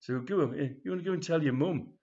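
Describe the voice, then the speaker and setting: Man playing friendly stranger, breezy and matey, pitched up; lo-fi. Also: fast, dark tone, natural voice. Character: friendly man Freddy meets, chatty, reassuring. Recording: dull lo-fi recording.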